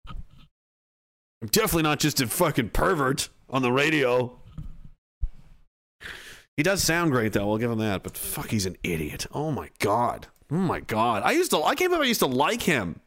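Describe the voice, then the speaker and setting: A man hosting a live stream, giving loud, profane, mocking commentary. He often shouts and laughs. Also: medium pitch, sing-song, normal speed, pauses often.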